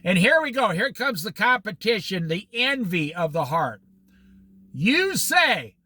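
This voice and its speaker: High lively guy teaching bible study, folksy, keeps cracking himself up, slow bright voice. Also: dry recording. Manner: animated, laughs at his own stories, folksy. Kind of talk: casual Bible teaching with acted anecdotes.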